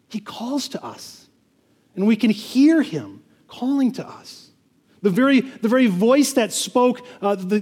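High-voiced man preaching in a reverberant church. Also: darkish tone. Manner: earnest preaching with frequent repeated words and restarts. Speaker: pastor. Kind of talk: sermon.

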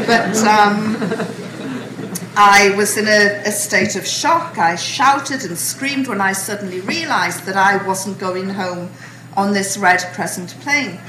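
Woman storyteller, bright, wry and animated, echoey hall. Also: mid-range voice, slight background noise. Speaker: speaker recounting her imprisonment. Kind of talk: storytelling talk to an audience.

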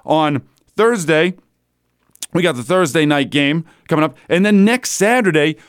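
A man hosting a solo sports talk show from a studio, chatting in a casual, animated way and chuckling as he goes. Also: high voice, no echo. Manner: animated, chatty, laughs between lines.

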